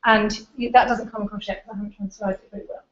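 In a lecture room, a woman talks fast through a casual seminar presentation, pointing out pictures on her slides. Her medium-pitched voice is a bit bright and fairly flat in intonation, captured in a roomy, dull recording.

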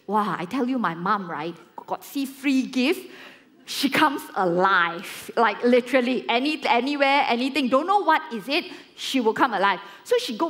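A woman in her forties with a Malaysian English accent, preaching a sermon and telling a story with lively acted-out quotes. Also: on the high side, normal speed. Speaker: pastor.

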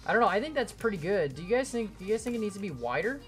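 A man's voice: high-pitched, big pitch swings, rapid-fire, a bit bright, soft background music. Rambling guy streaming. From Canada. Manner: rambling, self-deprecating, reads chat aloud. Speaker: gaming livestreamer. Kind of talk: casual livestream chat while building.

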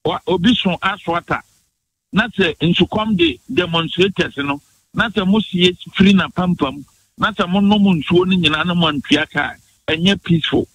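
Husky, high-voiced Ghanaian man arguing politics. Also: fairly bright tone, low-quality recording. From Bono region, Ghana. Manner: emphatic, rapid-fire, mixes in English phrases. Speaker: political guest on a radio morning show. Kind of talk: heated political argument on radio.

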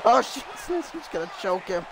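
A man live-streams a video game and reacts loudly to every move, cursing and shouting at the screen. His voice sits very high and swings wildly, with a gravelly, strained fry from losing his voice. He talks slowly between outbursts. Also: a crowd in the background, background noise. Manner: excitable, shouts and swears at the game. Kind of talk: excited live gameplay commentary.

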